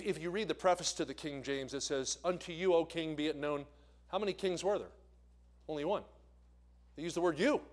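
A man from the American Northeast preaching a sermon as a visiting evangelist, telling stories and putting questions to the congregation. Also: fairly high pitch. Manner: storytelling, asks the congregation questions. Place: church sanctuary.

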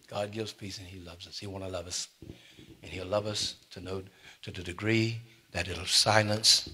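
An older man preaching a sermon to his congregation in church, shifting from quiet asides to loud emphatic declarations. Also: sits low, fairly even intonation, normal speed, husky. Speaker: pastor.

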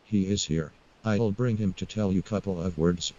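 A man voicing a foul-mouthed young non-human inventor in an animated short, blunt and agitated. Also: low-pitched, moderate pace, lo-fi sound, close to an everyday voice. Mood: grieving, vengeful. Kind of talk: indie animated short film acting.

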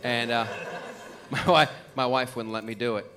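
A man doing an animated stand-up comedy routine on a club stage. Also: mid-range voice, a little slow. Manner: animated storytelling with mock cat yowls. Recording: live club recording with crowd noise. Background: audience laughter.

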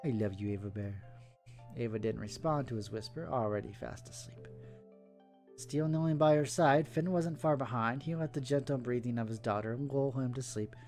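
A man's voice: mid-range voice, moderate pace, darkish tone, faint music behind. Man reading a story aloud. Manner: casual asides between narration. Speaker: story reader.

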